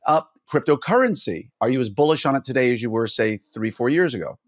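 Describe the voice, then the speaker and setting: A man's voice: mid-range voice, expressive, fast, no echo, clean studio sound. A man hosting a podcast interview, explaining at length and posing skeptical questions in a playful way. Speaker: podcast host.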